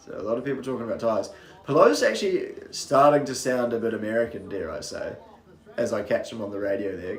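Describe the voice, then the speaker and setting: Calling a race live, this New Zealander chats away and drifts into rambling asides, his faint Kiwi accent largely anglicized toward British. He sounds fairly low, animated, and fairly quick, in an echoey room.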